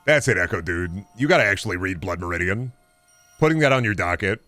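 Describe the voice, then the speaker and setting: Deep-voiced and quick-paced, a young man streams a game with faint music behind and no echo. His casual chat turns into animated rants packed with swearing.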